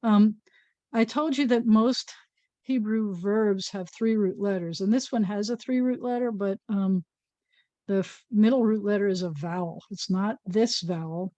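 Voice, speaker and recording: A woman's voice: medium pitch, normal speed, warm tone, no echo, muffled recording. A woman rabbi giving an informal Hebrew reading lesson, patiently sounding out letters and syllables with a playful touch.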